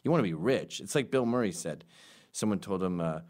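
A comedian doing a rambling, sarcastic comedic monologue with deadpan asides, jumping into loud, high voices for the people he quotes. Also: fairly quick.

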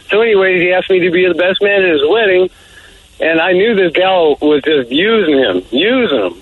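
A man's voice: a little high, normal speed. A man calling in to a radio show, telling a rambling story full of fillers. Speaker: caller. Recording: tinny phone line.

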